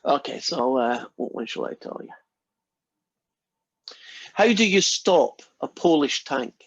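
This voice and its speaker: Chatty lecturer, higher voice. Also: male voice, lively intonation, takes it slowly, breathy edge, dull audio. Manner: chatty, playful, addresses students by name. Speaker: math lecturer. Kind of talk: casual classroom joke-telling.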